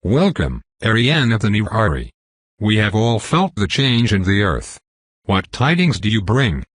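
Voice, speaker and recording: Man reading as werewolf pack leader, commanding, declaiming, low voice, husky, dry close sound. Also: big pitch swings, unhurried, no echo, heavily acted. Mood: formal. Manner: rousing, declaiming speech.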